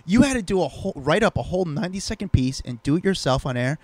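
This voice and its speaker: A man co-hosting a podcast, telling teasing stories in animated casual chat. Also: a little high, quick pace, no room sound. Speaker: podcast co-host.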